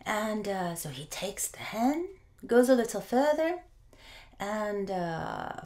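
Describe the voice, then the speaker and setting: A woman preacher telling a folk tale in a sermon, unhurried and often pausing with fillers. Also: medium pitch, sing-song, darkish tone. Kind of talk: sermon storytelling.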